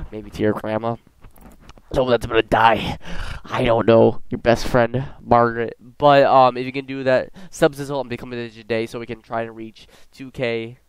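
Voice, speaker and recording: A teenage American man giving jokey, excitable commentary as a gaming streamer. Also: mid-range voice, smooth, dry recording. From United States. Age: late teens. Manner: excitable, jokey, with sudden yelps and laughs. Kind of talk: let's-play commentary.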